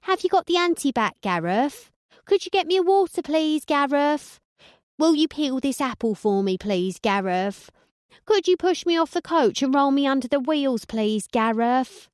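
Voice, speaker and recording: A woman doing a shrill bossy wife. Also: animated, normal speed, no room sound, clean studio sound. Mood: demanding. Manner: shrill barking orders. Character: bossy demanding young woman nagging her husband.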